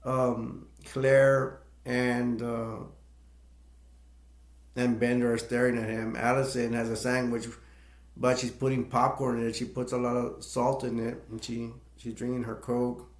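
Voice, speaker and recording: A man's voice: mid-range voice, level tone, a little slow. A man casually retelling a film's plot as a movie reviewer, rambling and laughing between points. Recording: echoey room.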